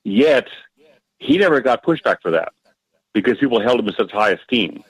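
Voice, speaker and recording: A man speaking as a guest historian in a roundtable, measured and thoughtful. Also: medium pitch, expressive, husky, no room sound, poor audio. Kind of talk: casual roundtable discussion.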